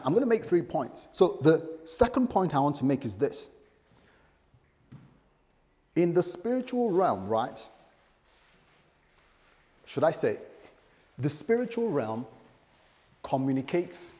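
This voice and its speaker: A man's voice: mid-range voice, animated, slow pace, long pauses, mellow. A male pastor delivering a sermon, telling stories animatedly and acting out the voices he quotes. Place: church hall. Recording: long hall reverb.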